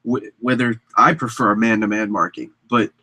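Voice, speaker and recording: Soft-spoken young man analyzing football. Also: fairly low pitch, fairly even intonation, normal speed, no echo. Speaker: co-host. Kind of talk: casual sports radio chat. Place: radio studio.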